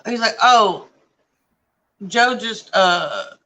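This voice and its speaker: A woman's voice: lowish voice, a little slow, low-quality recording. A woman hosting a casual chat, animatedly telling stories and acting out what people said. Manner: animated storyteller acting out quoted voices. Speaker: channel host.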